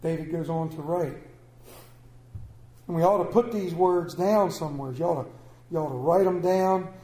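A man's voice: on the high side, moderate pace, mellow. A man preaching a sermon, telling folksy, exaggerated stories in a church. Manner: folksy storytelling with comic exaggeration. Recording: echoey room.

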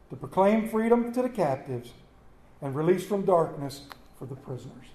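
A man preaching a sermon, telling folksy stories with animated delivery and rhetorical questions to the congregation. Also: sits high. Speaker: pastor. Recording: echoey room.

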